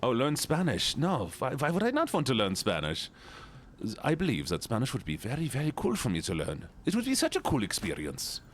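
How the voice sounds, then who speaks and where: Playing a game on stream, a young man banters with his chat in a jokey way, reacting to comments and frequently doing silly voices. He talks briskly in a mid-range voice whose pitch swoops wildly, over a little hiss or hum.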